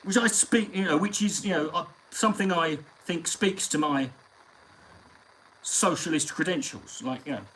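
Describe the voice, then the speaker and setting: Picture a man chatting casually to his live stream audience, his voice pitched slightly above the usual male range. He drifts through stories and sprinkles them with swearing. A faint background hum sits under his voice. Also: normal speed, fairly bright tone, poor audio. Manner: profane, rambling storyteller. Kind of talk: casual anecdotal chat.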